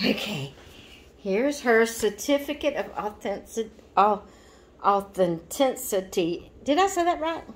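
Slow-talking woman cooing over dolls. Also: medium pitch. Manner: coos in baby talk to her dolls. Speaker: doll collector vlogger. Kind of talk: unboxing video chat.

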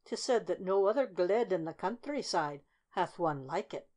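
A woman's voice: on the low side, lively intonation, moderate pace, darkish tone, close to an everyday voice. A woman voicing a sly, greedy male bird of prey who talks sweetly and coaxingly.

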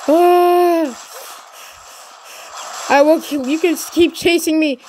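A woman giving excited gameplay commentary, cheering and shouting encouragement at her teammate. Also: very high-pitched, takes it slowly, slight background noise. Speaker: gaming channel host.

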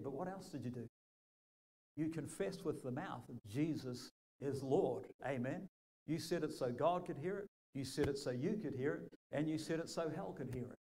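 A male pastor with a New Zealand accent preaching a sermon, telling stories and acting out quotes in a lively way. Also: medium pitch, low-quality recording.

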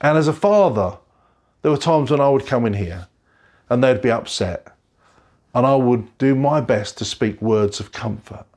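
A man's voice: mid-range voice, normal speed, darkish tone. A middle-aged man preaching an online sermon from a bedroom at home, earnest and repeating phrases for emphasis. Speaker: pastor.

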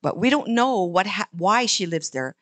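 A woman telling a children's story in church, with a lively, animated manner. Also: medium pitch, moderate pace, dry recording.

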